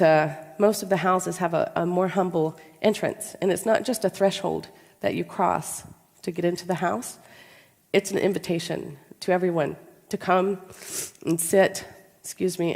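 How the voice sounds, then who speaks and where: A woman with a cold, giving a storytelling conference talk in an anecdotal, measured way with pauses. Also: fairly low pitch, a little mellow. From American South. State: has a cold. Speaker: conference speaker. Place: large conference hall. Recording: long reverb in a large hall.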